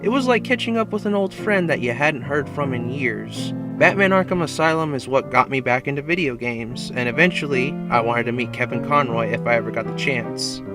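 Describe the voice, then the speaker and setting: A man's voice: medium pitch, lively intonation, fairly quick, few pauses. A man reading a scripted tribute narration in an earnest, reflective way. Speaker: video essay narrator. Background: music.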